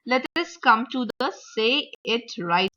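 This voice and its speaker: A woman teacher explaining vocabulary, word stress and grammar, repeating example words slowly to model the stress. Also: fairly high pitch, animated, pushed and bright. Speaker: English teacher. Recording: dull lo-fi recording.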